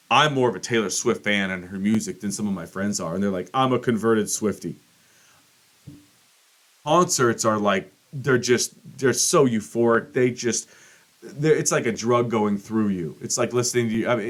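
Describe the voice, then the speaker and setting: A middle-aged man hosting a podcast, telling a rambling, profane story and acting out quotes with big jumps in pitch. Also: fairly bright tone. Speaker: podcast host. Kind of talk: casual monologue.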